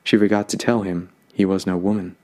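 A man narrating a fantasy story in a calm, lyrical way. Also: low voice, a little fast.

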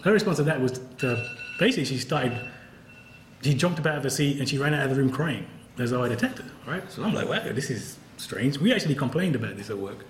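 Brief: quick, candid male professor, wry and laughing, roomy hall sound. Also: mid-range voice, lively intonation, a little hiss or hum. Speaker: professor and author. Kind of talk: conversational talk at a book event.

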